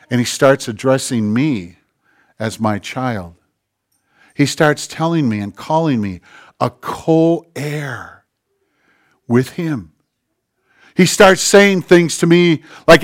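A man preaching a sermon as pastor, swinging between quiet, hushed passages and slow, emphatic declarations. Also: on the high side, expressive. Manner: dynamic, swings from hushed to emphatic, drawn-out phrases.

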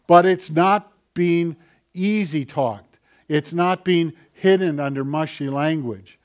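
Speaking slowly with a fairly high pitch, a man preaches as pastor. His sermon swings from quiet, weighty emphasis to louder urgency, punctuated by rhetorical questions to the congregation.

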